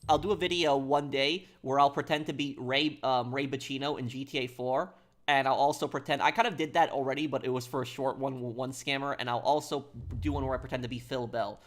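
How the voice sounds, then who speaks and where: A man streaming a game, chatting casually and haltingly, reading out and answering chat. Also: medium pitch, steady tone.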